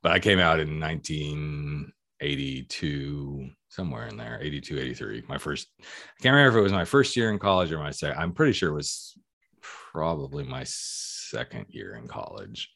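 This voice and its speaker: A man in his sixties leads an interview, thinking aloud and sharing pieces of his own past. His voice is very deep and low. He talks in an easy, conversational way. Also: expressive, normal speed, creaky, fairly bright tone. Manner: reflective, shares his own story.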